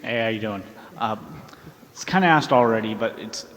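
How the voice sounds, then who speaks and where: A man's voice: fairly low pitch, lively intonation, normal speed, a bit bright, long reverb tail, poor audio. A man in the audience asking the panel a casual, loosely phrased question.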